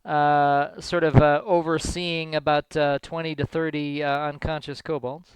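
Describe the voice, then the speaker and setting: A man's voice: a little high, flat delivery, measured pace, smooth, no room sound, low-quality recording. A man narrating a tabletop game as game master, hesitant and full of fillers.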